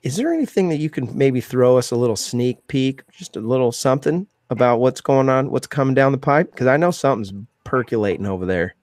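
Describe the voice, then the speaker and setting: A man's voice: medium pitch, expressive, fairly quick, few pauses, a little mellow, dry recording, studio quality. A man hosting a live-streamed talk show, enthusiastic and chatty, thanking donors and asking guests questions with frequent fillers. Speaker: host.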